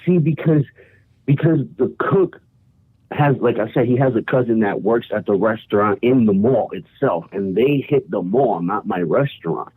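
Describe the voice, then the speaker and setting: Phone-in caller, man from New York, low husky voice, slangy and animated, tinny phone line. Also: normal speed, dry recording. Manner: animated street slang, says "bro" and "yo" often. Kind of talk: phone-in storytelling. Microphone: phone call.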